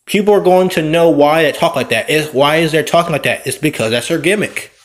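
Man with a fairly high voice for casual gameplay commentary. He rambles, circles back and corrects himself. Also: a little fast. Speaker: wrestler and vlogger. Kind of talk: casual opinion vlog over gameplay.

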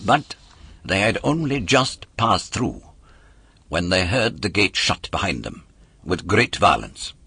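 A man narrating a children's storybook in an expressive, animated way. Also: sits low, takes it slowly, vocal fry, slightly rough, dry recording. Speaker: audiobook narrator.

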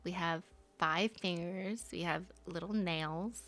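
A woman's voice: lowish voice, slow pace, fairly bright tone. A young woman chatting casually with her viewers while live-streaming a game, giggly and talkative. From Canada. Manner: chatty, giggly, talks to chat.

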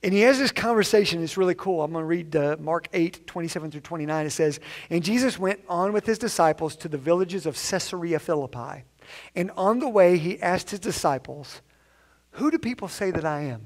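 A man's voice: fairly high pitch, expressive, fairly quick. A man preaching a conversational sermon in a church, acting out the voices of the people he quotes. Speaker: pastor. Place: church sanctuary.

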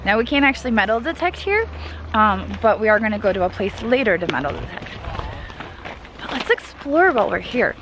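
A woman vlogging outdoors while hiking up a volcano, excitable and quick to laugh, at times out of breath, speaking into a handheld camera mic. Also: medium pitch, noisy background. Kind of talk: outdoor adventure vlog.

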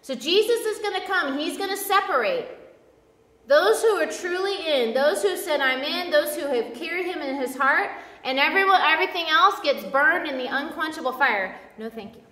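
A woman giving a casual, chatty sermon as a preacher, animated and self-deprecating, acting out quoted voices as she goes. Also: high-pitched, moderate pace. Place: church sanctuary. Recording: echoey church hall from far off.

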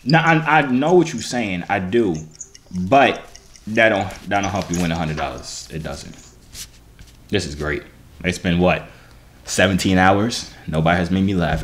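A man's voice: low-pitched, a little slow, a bit bright, a little hiss or hum. A man hosting casual video chats, joking around in slangy, teasing banter. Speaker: host. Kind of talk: casual chat.

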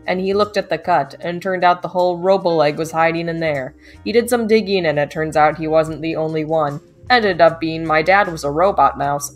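A quirky male lab rat with robot parts, rambling through a strange life story in an even, matter-of-fact voice, as a woman reads him. Faint music plays underneath. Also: on the low side, close to an everyday voice.

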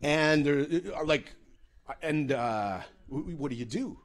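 A man from Canada, a comedian giving a comedic storytelling talk in a loose, profane, animated way. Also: on the high side, unhurried. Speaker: comedian and speaker.

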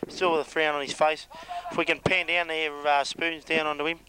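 Aussie bloke calling rugby from the sideline, bit higher voice, jokey, some noise in the background. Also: male voice, brisk. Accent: Australian. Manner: joking, excitable play-by-play. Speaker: match commentator. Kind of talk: amateur rugby league commentary.

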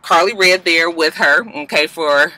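Brief: woman vlogger, very bright edgy tone, sassy and profane, gossipy recap delivery. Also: fairly low pitch, a little slow, low-quality recording. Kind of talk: casual episode recap commentary.

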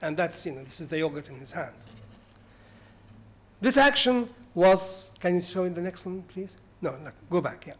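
A man's voice: high voice, lively intonation, normal speed. A man giving an academic lecture in an explanatory way, now and then asking for the next slide.

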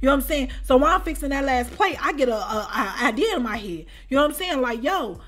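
A woman with a high, sharp voice tells a storytime tale straight to her viewers. She talks in an animated way and now and then bursts into shouts. She keeps tossing in the same conversational tag. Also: quick pace. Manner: repeats a conversational tag often. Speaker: storyteller and channel host. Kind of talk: storytime vlog.

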